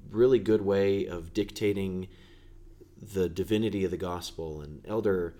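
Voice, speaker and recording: A man hosting a casual interview, relaxed and thoughtful, often pausing to search for words. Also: low voice. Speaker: host.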